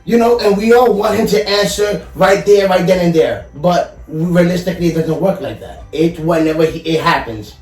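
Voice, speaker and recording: A man's voice: high voice, normal speed, hardly any pauses, a little mellow. A man guest on a podcast, earnestly telling a personal story in casual chat, often saying "you know". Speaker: podcast guest, collector and YouTuber. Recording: echoey room, far from the mic, faint music.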